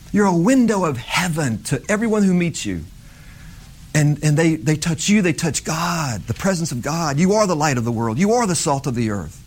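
A man's voice: a little high, breathy edge. Fervent conversational male preacher. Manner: conversational, rising to fervent emphasis. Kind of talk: informal sermon.

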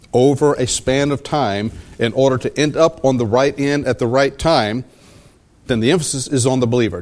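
Preacher, male, mid-pitched, teaching sermon, repeats questions, checks in with listeners. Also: a little mellow. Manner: asks the congregation for assent. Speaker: pastor.

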